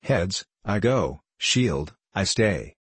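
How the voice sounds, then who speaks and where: An earnest, resentful young nobleman arguing his case, as a man reads him aloud. The voice is deep and husky and sits dry and close. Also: sing-song, very slow, no room sound, heavily acted. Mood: indignant. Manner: earnest, indignant.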